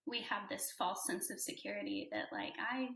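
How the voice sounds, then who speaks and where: A woman's voice: mid-range voice, moderate pace, vocal fry, a bit bright. A woman in her thirties, a teacher and mother, speaking passionately and emotionally as a podcast guest. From Alaska. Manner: passionate, emotional, fervent with restarts. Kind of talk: conversational podcast interview. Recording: roomy echo.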